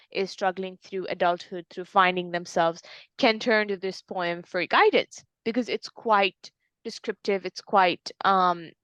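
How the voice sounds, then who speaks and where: A woman's voice: mid-range voice, fairly bright tone, no room sound. Dry-sounding woman tutor explaining. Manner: explanatory, uses fillers and restarts. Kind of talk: online tutoring lesson.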